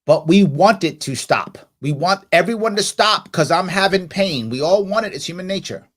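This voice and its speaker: A man's voice: sits high, animated, moderate pace, fairly bright tone. A middle-aged man hosting a talk show, giving an emphatic motivational monologue and acting out quoted voices.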